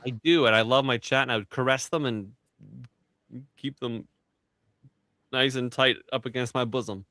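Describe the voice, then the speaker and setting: A man's voice: medium pitch, moderate pace, pushed and bright, no room sound. A man hosting a crude casual chat show, hesitant and self-deprecating, often stammering over his words. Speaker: show host.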